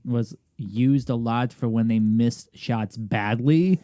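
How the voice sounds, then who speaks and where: A man's voice: mid-range voice, slow, dark tone, no room sound, clean studio sound. A young man co-hosting a podcast, rambling through casual chat with many restarts. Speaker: podcast co-host.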